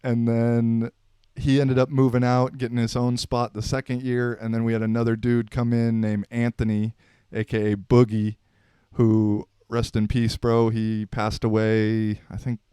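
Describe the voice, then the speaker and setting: Male podcast host, 30s, relaxed slangy storyteller; smooth, clear voice in a dry room. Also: medium pitch, unhurried, no echo. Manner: laid-back, slangy, rambling with fillers. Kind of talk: unscripted casual storytelling.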